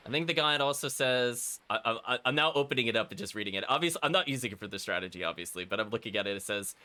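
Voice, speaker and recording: A man's voice: medium pitch, lively intonation, racing, pushed and bright. A man streaming a video game, giving casual play-by-play commentary with wry asides to his chat. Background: game music.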